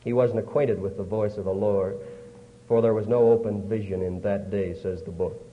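A man preaching a sermon, retelling scripture slowly and earnestly with dramatic pauses. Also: fairly low pitch, fairly even intonation. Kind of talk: storytelling sermon. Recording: tinny, hollow old hall recording.

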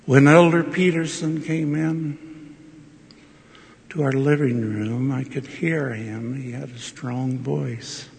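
Slow gravelly older man in a hall. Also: mid-range voice, fairly even intonation. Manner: slow, earnest storytelling with emotional exclamations. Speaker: university professor giving a devotional address. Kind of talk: personal storytelling speech. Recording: long reverb of a large hall.

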